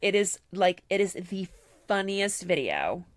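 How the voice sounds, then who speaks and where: A woman's voice: fairly low pitch, unhurried, no echo. A woman in her twenties co-hosting a podcast, chatting casually and acting out quotes as she tells a story. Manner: animated storyteller who acts out quotes. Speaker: podcast co-host. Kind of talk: casual chat.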